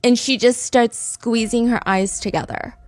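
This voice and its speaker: A woman hosts a true crime podcast, narrating the case in an animated, chatty way and filling her sentences with "like." Her voice sits fairly high. It is recorded close and dry, with no room sound. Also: a little slow, dry recording. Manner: animated, conversational, frequent "like". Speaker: podcast host.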